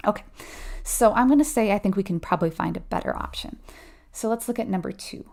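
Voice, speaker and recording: Speaking quickly in a mid-range voice that's a little mellow with vocal fry, a woman runs a live nursing exam review. She keeps it casual, walks through each step, asks her audience questions, and gives a light laugh when playing out how clients might answer.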